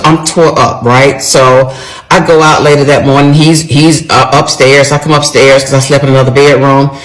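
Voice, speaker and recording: Gravelly middle-aged woman telling a story. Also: sits low, rough recording. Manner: animated, talks straight to viewers. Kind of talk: casual storytime monologue.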